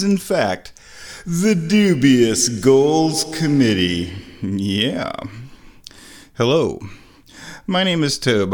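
Slow, deadpan, rambling male host. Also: fairly high pitch. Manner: deadpan, drawn-out, mock-dramatic. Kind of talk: rambling comedic monologue.

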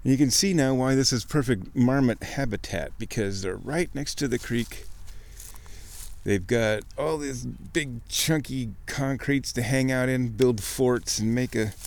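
A man hosting a casual nature chat outdoors by a creek, a chatty storyteller who jumps into high mock voices when quoting people. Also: measured pace, gravelly. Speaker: host.

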